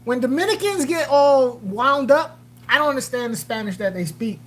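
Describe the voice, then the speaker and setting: This aquarium channel livestream host is a woman with a high voice speaking at normal speed, heard in a low-quality recording. Animated and jokey, she rambles while answering viewer comments, piling on fillers and trailing off with them.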